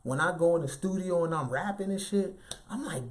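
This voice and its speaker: A man giving an animated, emphatic motivational talk in a light, youthful voice, often tagging lines with "right?". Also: on the high side, brisk. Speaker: motivational speaker.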